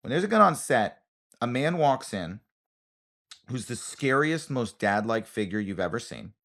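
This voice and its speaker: A man co-hosting a comedy podcast in casual chat, an animated storyteller who repeats phrases for emphasis. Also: medium pitch, moderate pace, creaky. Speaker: podcast co-host, comedian and actor.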